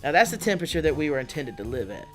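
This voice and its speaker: A woman doing a stand-up comedy set in a studio, animated and chatty, laughing often through her lines. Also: sits low, very fast, faint music behind. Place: studio under lights.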